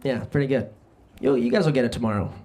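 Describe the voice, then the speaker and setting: A man's voice: mid-range voice, background noise. Brash self-mocking stand-up comic man. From New Jersey. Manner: brash, self-deprecating, quick asides to the crowd. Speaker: stand-up comedian. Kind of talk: stand-up comedy set. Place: comedy club stage before a live audience.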